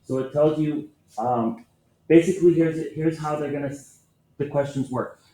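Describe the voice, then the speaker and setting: A man's voice: a little high, steady tone, moderate pace, warm tone. Man teaching math in an echoey classroom. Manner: patient, explains step by step, questions students. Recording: echoey classroom with faint noise.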